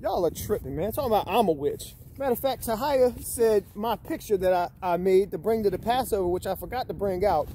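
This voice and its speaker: A man with a notably high voice rants in a casual, accusatory way, breaking into scripture readings between his complaints. He keeps tagging his lines with "man" and "bro." Steady background noise and passing vehicles run under the recording. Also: fairly quick, few pauses.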